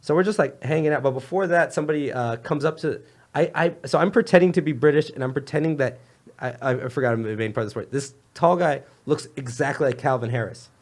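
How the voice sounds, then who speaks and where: Fast-talking animated young man. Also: mid-range voice. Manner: animated, rambling, laughs often. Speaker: comedian guest. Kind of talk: casual storytelling chat.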